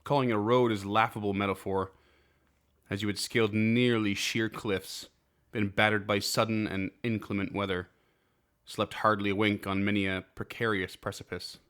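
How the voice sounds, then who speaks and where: Male game master, low voice, quiet and measured scripted narration. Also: flat delivery, clean tone. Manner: soft, slow and measured. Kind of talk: scripted second-person narration.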